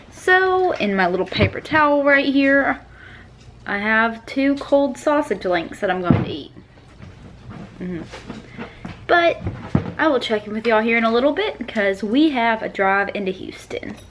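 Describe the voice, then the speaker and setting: Bubbly high-voiced woman vlogging. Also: fairly bright tone, a little hiss or hum. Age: young adult. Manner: chatty, bubbly, addresses viewers directly. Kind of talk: casual vlog chat.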